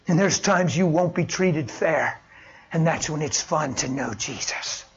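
A middle-aged male pastor delivering a sermon with a notably high-pitched voice. He swings from hushed, near-whispered lines to loud, impassioned shouting as he drives his points home. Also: a little slow, highs cut off.

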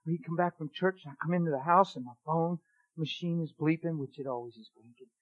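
A middle-aged man preaching, telling a testimony in a dramatic way that swings from loud exclaiming to a hushed near-whisper. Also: a little high, fairly quick, highs cut off. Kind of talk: sermon testimony storytelling.

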